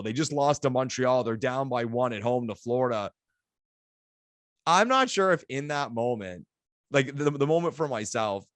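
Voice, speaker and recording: Excitable man on a dry mic. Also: mid-range voice, no room sound. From Canada. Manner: excitable, animated storytelling with laughs. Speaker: podcast co-host. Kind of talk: casual sports podcast chat.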